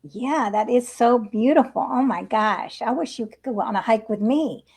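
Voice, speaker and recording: A woman's voice: fairly high pitch, normal speed, a little mellow, breathy edge. A woman hosting an interview, enthusiastic and friendly as she talks with her guest. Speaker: host. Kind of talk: casual interview chat.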